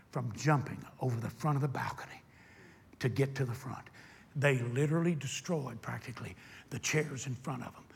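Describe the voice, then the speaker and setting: An older man preaching a sermon, telling a personal story and swinging from hushed retelling to shouted exhortation. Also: medium pitch, creaky, long reverb tail.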